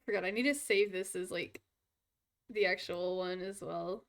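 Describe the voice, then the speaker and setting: A woman's voice: lowish voice, steady tone, moderate pace. A young woman streaming live from her computer, chatting casually and rambling with frequent giggles as she draws. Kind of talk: casual live-stream chat while drawing.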